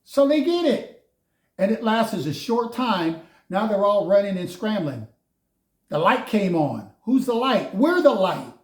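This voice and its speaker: A man's voice: high voice, very animated, a little slow. A man giving a casual spiritual tarot reading, preachy and mocking, often laughing at those he speaks of. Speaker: tarot reader. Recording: roomy echo.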